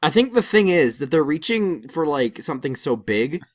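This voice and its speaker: A young man co-hosting a podcast chats casually in an animated way, rambling with lots of fillers. His voice sits on the high side and his pace is moderate.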